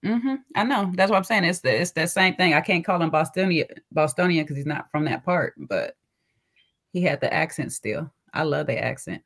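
A woman's voice: sits low, expressive, normal speed. A woman co-hosting a podcast in casual chat, teasing and laughing often. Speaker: podcast co-host.

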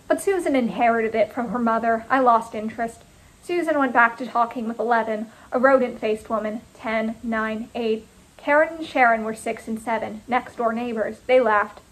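Woman, author reading own fiction, clipped deliberate lines, fairly high voice. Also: low-quality recording. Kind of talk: first-person story reading.

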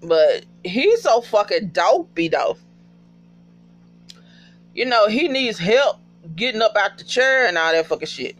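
A man casually recapping a TV episode in a profane, emotional, animated storytelling way. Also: high voice, unhurried, long pauses.

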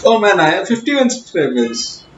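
A man's voice: high-pitched, big pitch swings, normal speed, background noise. Young man, casual self-mocking vlogger; roomy, dull lo-fi sound. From South India. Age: young adult. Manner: chatty, self-mocking, rambling. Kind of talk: casual talking-to-camera vlog. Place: alone in his bedroom. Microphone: camera. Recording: echoey room, dull lo-fi sound.

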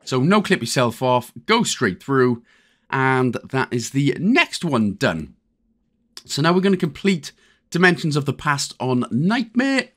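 Lively chatty Welsh man guiding gameplay. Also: medium pitch, unhurried. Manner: chatty, jokey, step-by-step instructions. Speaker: gaming channel host. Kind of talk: casual game walkthrough commentary.

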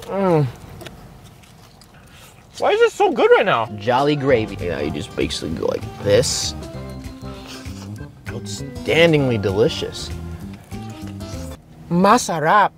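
A man hosting an energetic food challenge vlog, excitable and playful, exclaiming often. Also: a little high, slow, pauses often, faint music behind. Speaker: vlogger host.

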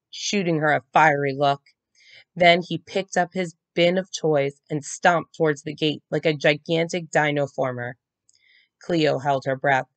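A woman reading a children's chapter book aloud, with slow, expressive storytelling. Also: low-pitched, vocal fry. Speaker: guest reader.

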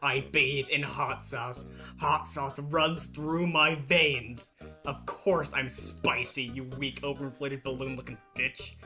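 A woman putting on a brooding, edgy cartoon hedgehog who drags out every boast with a low, slow swagger. The voice sits deep and unhurried. Guitar music plays clearly behind it. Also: steady tone, sharp tone, exaggerated voice. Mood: smug.

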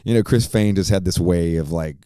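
A man's voice: low voice, a little fast, dark tone, clean tone, dry recording, clean studio sound. A middle-aged man hosting a podcast, telling a profane, rambling story casually with lots of fillers. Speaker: podcast host.

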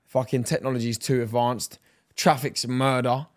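A man's voice: medium pitch, flat delivery, normal speed. A young British man in his twenties co-hosting a casual podcast, ranting and swearing a lot, slipping into mocking impressions. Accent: British English. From United Kingdom. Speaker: podcast co-host. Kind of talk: casual chat.

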